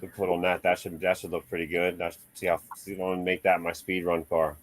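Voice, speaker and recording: A man's voice: deep voice, flat delivery, fast talker. A man in casual chat about remote-control cars, laid-back and chatty, laughing often.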